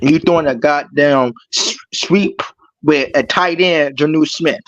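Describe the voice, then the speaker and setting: A man's voice: on the high side, measured pace, no room sound, dull audio. A man calling in to a fan show, ranting angrily and swearing, repeating himself as he gets worked up. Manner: heated, profane, repeats himself. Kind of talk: angry fan rant.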